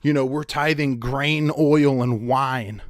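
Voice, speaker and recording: A man's voice: medium pitch, fairly even intonation, takes it slowly, dry recording, clean studio sound, voice pushed up, natural voice. A man voicing a group of smug, boastful ancient religious men in a showy, sing-song way.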